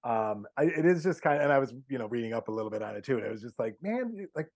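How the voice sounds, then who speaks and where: A man's voice: mid-range voice, sing-song, fast talker, darkish tone, dry recording. A man talking as a podcast guest in a rambling, casual way, full of "like" and "you know". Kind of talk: casual chat.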